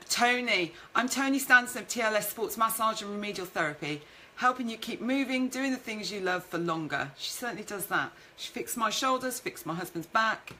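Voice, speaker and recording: Chatty woman with a bright voice. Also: medium pitch, slight background noise, poor audio. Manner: chatty, reads out viewer comments aloud. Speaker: networking show host and speaker. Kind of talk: live-streamed casual business talk.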